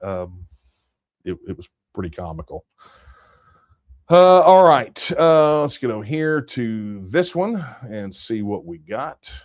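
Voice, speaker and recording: A man's voice: mid-range voice, big pitch swings, takes it slowly, dry recording. A man hosting a casual late-night livestream Q&A, talking loosely and thinking aloud with fillers and restarts. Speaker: livestream Q&A host.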